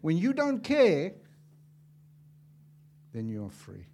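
A man preaching a sermon as an evangelist, impassioned and swinging from loud to hushed, acting out little dialogues as he tells stories. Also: on the high side, huge pitch swings, slow. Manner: acts out dialogue in storytelling.

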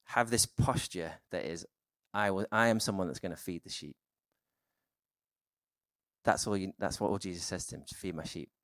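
Casual low-voiced male preacher, dry sound. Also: normal speed, pauses often, a bit bright, no room sound. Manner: conversational, informal sermon with many fillers. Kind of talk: sermon.

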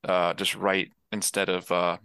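A man's voice: sits low, completely flat delivery, measured pace, sharp tone, clean tone, no echo. A man co-hosting a podcast, casually and eagerly recapping a film, rambling with restarts. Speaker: podcast co-host. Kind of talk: casual movie discussion.

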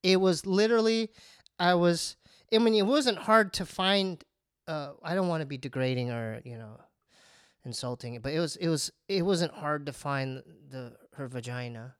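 A man's voice: fairly high pitch, moderate pace, clear, resonant tone, no room sound, clean studio sound. A man telling a comic personal story in casual chat, stammering and poking fun at himself. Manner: animated, stammering, self-mocking.

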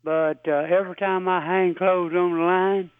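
A man from Louisiana, calling a radio show and joking in a deadpan drawl. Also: high voice, normal speed, clear, resonant tone, dry recording. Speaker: caller. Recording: tinny phone line.

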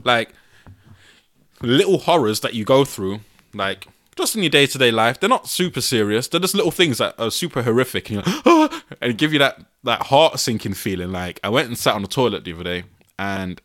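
A man's voice: mid-range voice, animated, a little fast, fairly bright tone. A man in his twenties hosting a solo podcast from his bedroom, laughing often and sounding exasperated. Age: 20s. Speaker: podcast host.

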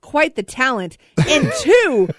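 A woman's voice: sits high, very animated, slow pace, no echo. A woman co-hosting a radio show in casual studio chat, teasing her co-host and laughing often.

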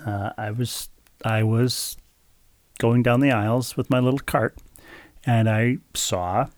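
A man's voice: lowish voice, dry recording. A man co-hosting a casual chat show, telling stories in a wry, self-mocking way. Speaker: podcast co-host.

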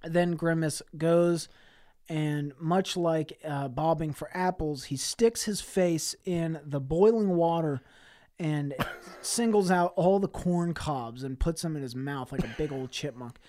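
A man co-hosting a podcast, telling an absurd improvised story in a deadpan way with many fillers. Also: on the high side, unhurried. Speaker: podcast co-host. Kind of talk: casual comedic improv chat.

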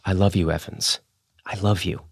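Hushed tender young wife, read by a man. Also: on the high side, big pitch swings, moderate pace, no echo, studio quality, pitched above the performer's own voice. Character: tired young movie star wife, tender.

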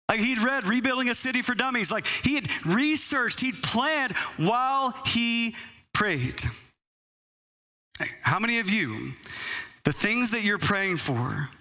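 A man's voice: on the high side, bright, forceful tone. A man preaching a sermon to his congregation in a conversational style, acting out little dialogues as he goes. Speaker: pastor.

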